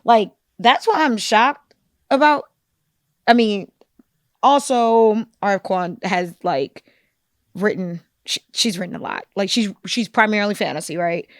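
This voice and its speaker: A woman co-hosting a book podcast, talking in an animated, conversational way with frequent asides. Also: medium pitch, a little slow, no echo, studio quality. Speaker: podcast co-host. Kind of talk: casual book discussion.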